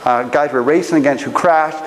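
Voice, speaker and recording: A man preaching a sermon, telling a personal story in an animated, humorous way. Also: fairly high pitch, brisk, big-room sound, low-quality recording. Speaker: pastor. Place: church auditorium.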